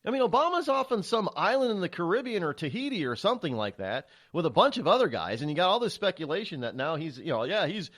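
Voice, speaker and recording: Animated, stammering male talk-radio host. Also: high voice, quick pace, hardly any pauses. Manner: rambling, with frequent restarts and stammers; animated, emphatic delivery.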